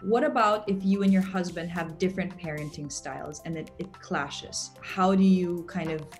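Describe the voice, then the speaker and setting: A woman's voice: lowish voice, moderate pace, faint music behind. A woman hosting an interview, chatting casually and asking long, conversational questions. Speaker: host.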